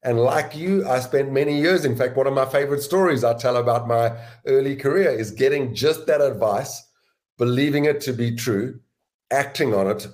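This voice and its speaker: A man being interviewed as a guest author and sales educator, giving measured, deliberate explanations. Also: medium pitch, a little mellow. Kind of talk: interview answers.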